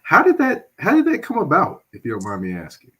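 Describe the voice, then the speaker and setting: A man's voice: on the high side, wildly swooping pitch, fairly quick, fairly bright tone, breathy edge. A man hosting an interview who asks polite, slightly hesitant questions. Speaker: podcast host.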